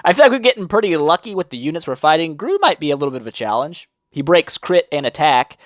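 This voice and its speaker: Young man, gameplay commentary, jokey, excitable, slightly high voice, dry close sound. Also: quick pace, no room sound. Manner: excitable, jokey, reacts aloud to every turn. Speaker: mobile game video host.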